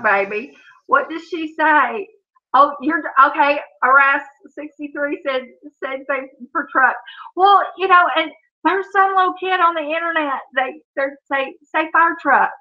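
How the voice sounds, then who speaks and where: A woman's voice: sits high, unhurried. A woman, chatting casually on a live stream, reading comments and telling funny family stories with frequent laughter. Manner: laughs often, storytelling, says "Oh, Lord". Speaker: livestream host. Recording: dull lo-fi stream audio.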